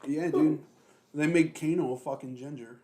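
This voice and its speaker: A man's voice: fairly high pitch, moderate pace, dark tone. A young man co-hosting a podcast in casual chat, rambling with lots of fillers and constant swearing. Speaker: podcast co-host.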